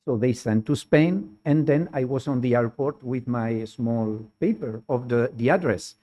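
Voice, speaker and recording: A man telling a lively personal story in halting, non-native English with small grammar slips, often laughing as he goes. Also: medium pitch. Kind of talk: personal anecdote in conversation.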